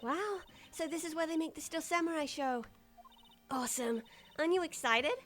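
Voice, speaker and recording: A woman's voice: high voice, normal speed, a bit bright, soft background music, voice pushed up. Woman doing a bubbly young sidekick. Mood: excited. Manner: eager, bubbly.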